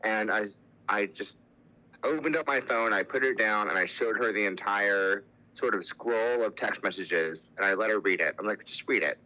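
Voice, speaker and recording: Guy on a podcast telling his story real casual, bright tense tone, lots of likes and you knows. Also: lowish voice, moderate pace, muffled recording. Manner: candid, frequent "like" and "you know" fillers. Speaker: podcast guest.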